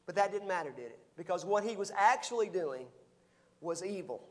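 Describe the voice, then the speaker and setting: High-voiced man preaching a sermon. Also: expressive, a little fast. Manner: reads scripture aloud, then explains it conversationally. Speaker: pastor.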